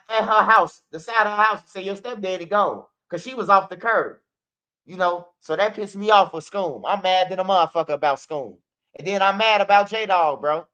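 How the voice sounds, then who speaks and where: A man with a high voice hosts a street news channel. He talks in blunt, profane street storytelling. The recording sounds dull and lo-fi. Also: bright, forceful tone. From Chicago. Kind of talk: casual commentary.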